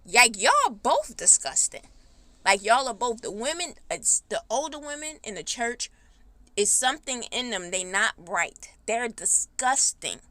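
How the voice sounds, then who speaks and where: A woman hosting a podcast, telling a personal story in a blunt, heated, animated way with speech. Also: fairly high pitch, a little slow, dry recording. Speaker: podcast host. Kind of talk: casual storytime monologue.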